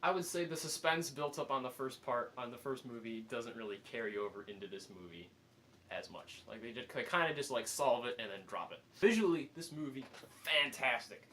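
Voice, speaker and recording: A man giving a casual spoken movie review, animated and full of fillers, acting out his own reactions. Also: mid-range voice, a little fast, slight background noise.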